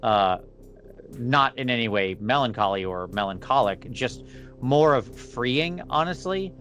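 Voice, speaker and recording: A man talking as a guest on a casual interview podcast, thoughtful and measured. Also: mid-range voice, expressive, fairly bright tone, faint music behind. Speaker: podcast guest, miniature painter.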